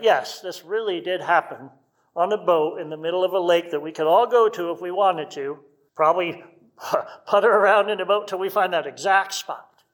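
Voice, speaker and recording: A man's voice: a little high, a bit bright. A man preaching a sermon in a conversational way, asking his listeners rhetorical questions. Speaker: pastor.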